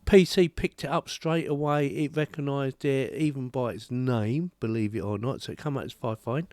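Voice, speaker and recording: A man's voice: medium pitch, normal speed, a little mellow, no room sound, clean studio sound. A man with a British accent giving a chatty, rambling home review of a desk microphone. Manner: chatty, rambling, self-deprecating. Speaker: tech reviewer. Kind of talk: casual product review. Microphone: desk microphone on boom arm.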